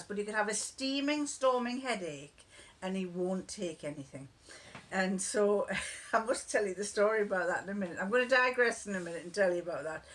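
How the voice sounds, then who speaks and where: A woman's voice: mid-range voice, fairly bright tone. A woman chatting casually to camera, rambling and digressive as she tells homely stories. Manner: rambling, digressive, laughs often. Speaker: vlogger.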